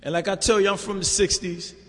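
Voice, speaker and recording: A man's voice: high-pitched, level tone, fairly quick. Streetwise older New man in a hall. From New York. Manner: streetwise, loose and conversational, constant "you know". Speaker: speaker sharing at a recovery meeting. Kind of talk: recovery testimony. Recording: reverberant hall.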